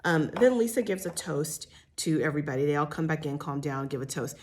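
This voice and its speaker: A woman's voice: low-pitched, fairly quick. A woman giving a chatty, blunt recap of a reality show, with lots of fillers and the odd swear word. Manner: animated retelling with many fillers. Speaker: TV recap host. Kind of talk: casual gossip recap.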